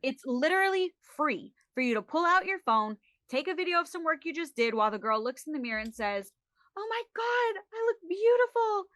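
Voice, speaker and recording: A woman, a social media expert guest on a podcast, talking in a lively, emphatic, joking way. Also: high voice, fairly quick, hardly any pauses, no room sound. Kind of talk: casual interview chat.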